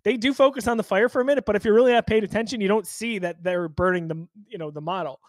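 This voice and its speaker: A man hosting a podcast in casual chat, thoughtful and halting, with frequent restarts. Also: high-pitched, no room sound. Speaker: podcast host.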